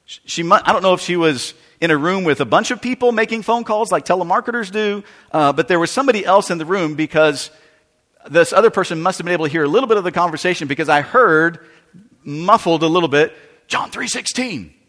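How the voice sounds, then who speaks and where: A man, a pastor, telling a story in a sermon with animated, emphatic delivery and frequent repetition. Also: high voice, fast, in a large hall.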